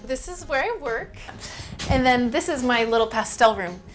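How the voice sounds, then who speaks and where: A woman illustrator in her thirties chatting casually in an interview, telling lively stories and acting out the voices of people she quotes. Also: on the high side, normal speed, faint music behind. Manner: animated storyteller, acts out quoted voices.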